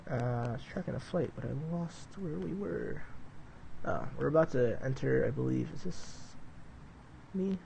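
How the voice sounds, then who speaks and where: A man's voice: mid-range voice, lively intonation, moderate pace, gravelly, dark tone, slight background noise, rough recording. A young man streaming a flight simulator, chatting to viewers in a loose, rambling way full of "dude" and "like", between flight checks. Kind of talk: casual live-stream chat.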